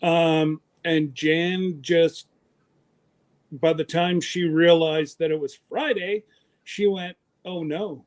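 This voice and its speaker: A man's voice: fairly high pitch, fairly even intonation. A man from Canada, hosting a casual livestream chat in a chatty, teasing way. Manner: chatty, teasing, quick bursts. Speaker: host.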